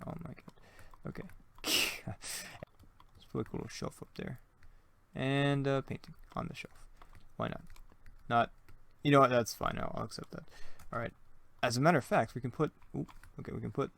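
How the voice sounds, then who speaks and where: Young man, gaming host, casual let's-play chatter, rambling, self-deprecating, gravelly vocal fry. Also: mid-range voice. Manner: rambling, thinks aloud, self-mocking jokes.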